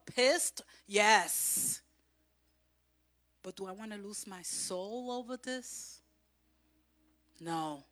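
Woman pastor, unhurried sermon delivery, impassioned swings from loud to hushed. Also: medium pitch. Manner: impassioned, rising to loud exhortation then dropping soft. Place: church.

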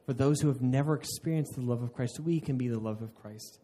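A man's voice: medium pitch, fairly quick, dark tone. A man preaching a sermon in an earnest way, often restarting mid-phrase and laughing at himself. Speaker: pastor.

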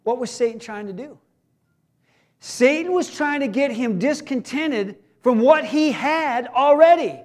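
High-voiced man preaching, loud then hushed. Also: animated, a little slow. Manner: swings between emphatic raised delivery and hushed, quiet passages; folksy, joking asides to the congregation. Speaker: pastor. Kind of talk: sermon.

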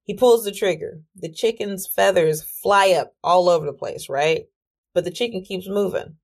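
A woman hosting a podcast tells a story in a casual monologue, animated and full of exclamations. She curses freely and calms herself with deep breaths, speaking at normal speed.

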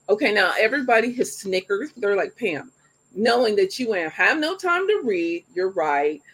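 A woman's voice: medium pitch, breathy edge. Chatty upbeat woman host. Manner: chatty and upbeat, talks straight to the audience. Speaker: show host. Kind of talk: live show interview chat.

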